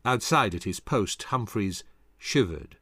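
A man reading a scripted history narration in a dramatic, expressive way into a close studio mic. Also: fairly low pitch, unhurried, breathy edge, no echo.

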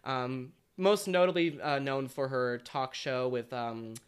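A man co-hosting a podcast, chatting in an animated way with drag slang and frequent laughs. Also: mid-range voice, measured pace, clean tone. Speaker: podcast co-host. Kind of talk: casual chat.

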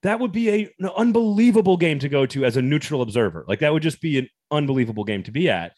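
Guy cohosting a sports podcast, laid back, thinking out loud, dead dry sound. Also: fairly high pitch, lively intonation, fast talker, no echo. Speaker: podcast co-host. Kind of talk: casual sports chat.

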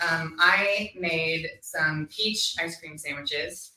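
A woman hosting a casual chat, talking freely with many ums and quick laughs. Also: low voice, sharp tone. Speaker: host. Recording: roomy, mic at a distance.

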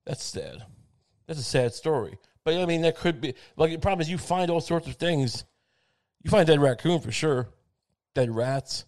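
A man's voice: on the high side, expressive, a little mellow. Rambling, profane man in a comic monologue. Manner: profane, self-mocking, halting restarts.

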